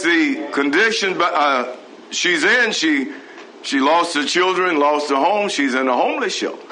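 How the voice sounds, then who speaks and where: A man's voice: high-pitched, bright, forceful tone, rough recording. A man preaching a sermon, asking the congregation rhetorical questions. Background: congregation responding.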